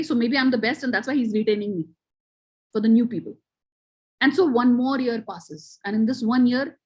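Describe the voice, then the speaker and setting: A woman gives a motivational training talk in a high, husky voice. She tells stories and slips in Hindi phrases. The call audio is a little muffled. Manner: storytelling, mixes Hindi phrases. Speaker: network marketing trainer.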